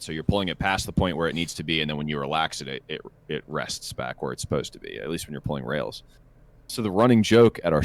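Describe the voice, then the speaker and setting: Deep-voiced, profane male storyteller. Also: no echo. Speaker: podcast co-host. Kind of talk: casual chat.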